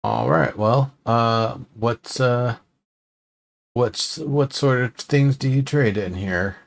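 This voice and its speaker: A man playing a tabletop game, talking in character in a measured way. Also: mid-range voice, vocal fry. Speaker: player.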